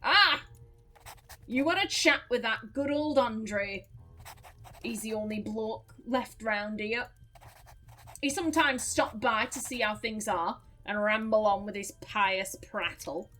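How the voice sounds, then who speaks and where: A woman voicing a gruff old male farmer who guards his pig, in a grumbling put-on accent, while playing a game. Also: fairly high pitch, lively intonation, slow, pauses often, fairly bright tone, slight background noise. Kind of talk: game let's play, reading dialogue aloud.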